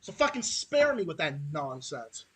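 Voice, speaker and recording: A man's voice: on the high side, sing-song, moderate pace, slight background noise, rough recording. A man hosting a podcast, ranting angrily about politics with heavy swearing and mocking put-on voices. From Massachusetts, USA. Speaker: podcast host. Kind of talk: political rant.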